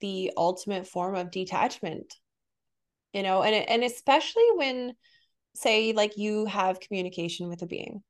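A woman's voice: mid-range voice, moderate pace. A woman, a psychic medium guest on a podcast, speaking candidly and wryly in casual conversation, with frequent fillers.

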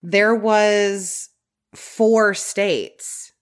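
A woman co-hosting a podcast in casual chat, unhurried and quick to laugh. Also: medium pitch. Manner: unhurried, lively intonation, laughs easily. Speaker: podcast co-host.

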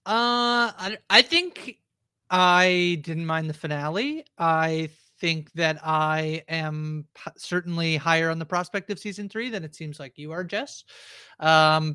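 Man, podcast co-host, bright tone, halting and full of fillers. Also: on the high side, clear, resonant tone, no echo, studio quality. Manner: rambling, halting, many fillers. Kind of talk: casual chat.

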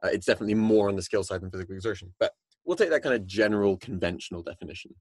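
Low-voiced man thinking aloud on a podcast. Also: racing, darkish tone, husky, no room sound. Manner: thinks aloud, many restarts and "like"s. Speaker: podcast co-host. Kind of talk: casual discussion.

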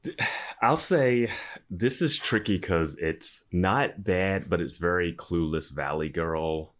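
A man's voice: deep voice, slow pace. A man from the US East Coast co-hosting a podcast, chatting casually in a rambling way, with lots of fillers. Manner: rambling, filler-heavy, laughs easily. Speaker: podcast co-host. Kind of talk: casual chat.

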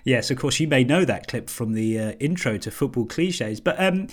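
A man hosting a casual football podcast, talking in halting, restarted phrases. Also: medium pitch, lively intonation. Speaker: podcast host. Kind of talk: casual chat.

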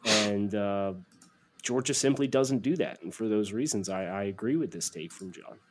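A man's voice: on the low side, normal speed, a little hiss or hum. A man co-hosting a casual sports podcast, reading listener takes and teasing his co-host.

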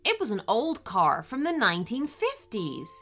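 A woman narrating a children's bedtime story with an animated, expressive delivery. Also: fairly high pitch, normal speed, faint music behind.

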